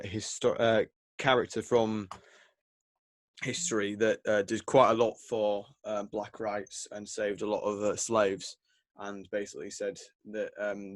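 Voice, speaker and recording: A man's voice: lowish voice, no echo. A young man, co-hosting a casual podcast chat, rambling and hesitant with lots of fillers. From England. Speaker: podcast co-host.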